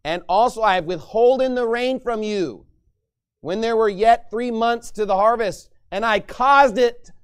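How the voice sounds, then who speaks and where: Emphatic high-voiced male preacher. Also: measured pace, clean tone. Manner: emphatic, forceful, mocking asides, reads scripture aloud. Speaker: pastor. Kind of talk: sermon.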